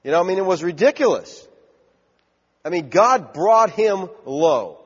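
A man's voice: sits high, expressive, a little slow, breathy edge. A man preaching a sermon in an emphatic, conversational way, heard on a dull recording in a large church hall with a long echo.

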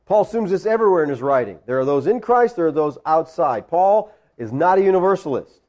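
High-voiced man preaching with emphatic questions. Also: expressive, a little fast, darkish tone. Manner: emphatic, rhetorical questions, explains Greek words. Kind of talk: teaching sermon.

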